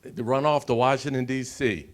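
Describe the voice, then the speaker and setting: A man in his forties from the United States, giving an emotional personal story on a conference panel and often pausing to check in with the audience. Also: mid-range voice, steady tone. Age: 40s. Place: conference stage.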